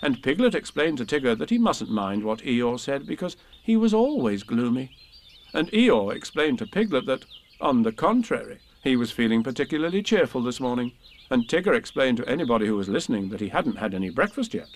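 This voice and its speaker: A man reading a children's storybook aloud, gently and expressively. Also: mid-range voice, sing-song, normal speed.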